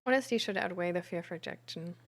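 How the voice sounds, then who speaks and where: A woman streamer and peer support coach, chatting frankly and reflectively with her audience, pausing often with fillers. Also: lowish voice. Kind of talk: casual live-stream chat about mental health.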